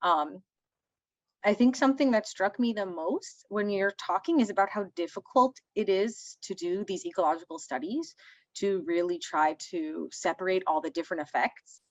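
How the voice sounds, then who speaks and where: A woman hosting a talk series, responding to a speaker in a relaxed, thoughtful way. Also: medium pitch, normal speed, no room sound. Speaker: host. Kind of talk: casual moderating of a talk series.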